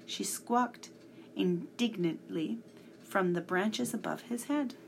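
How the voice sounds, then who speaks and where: A woman reading a children's story aloud, slow and deliberate, with small slips along the way. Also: mid-range voice, creaky, a little hiss or hum.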